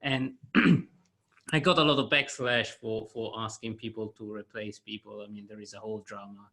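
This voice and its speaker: A man hosting a podcast in casual conversation, hesitant, often restarting his phrases and clearing his throat. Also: fairly low pitch, steady tone, normal speed, bright, forceful tone. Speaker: podcast host.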